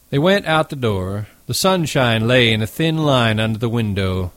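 A man narrating a novel as an audiobook in a steady, measured reading. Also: mid-range voice, no room sound.

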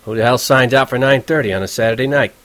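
A man voicing a vain, bossy male prep-school student in an audiobook, with loud scolding outbursts. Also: mid-range voice, fast, no room sound, natural voice. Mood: curt, annoyed.

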